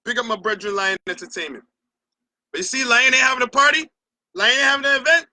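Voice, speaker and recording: A middle-aged Barbadian man holds forth on his opinion show in a very high, sharply bright voice. He talks with heated, emphatic passion and a lot of cursing. The sound is bone dry, with no room echo at all. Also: fast talker. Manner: passionate, profane, emphatic ranting. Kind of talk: opinion rant to camera.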